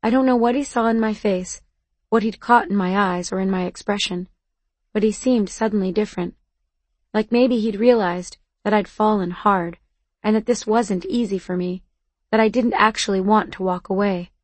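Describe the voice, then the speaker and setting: Woman audiobook narrator, first-person, emotional and intimate, mid-pitched, dry close recording. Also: normal speed, dry recording. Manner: intimate, emotional, confessional reading.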